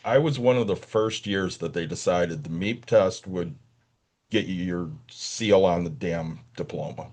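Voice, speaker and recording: A man's voice: low-pitched, unhurried. A man in his forties hosting a podcast, telling stories in a casual chat. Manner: animated storyteller. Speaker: podcast host.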